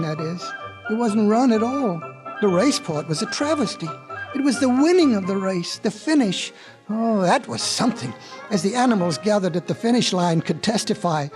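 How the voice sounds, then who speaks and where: A man narrating a storybook record in a folksy way, with chatty asides to the listener. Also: high-pitched.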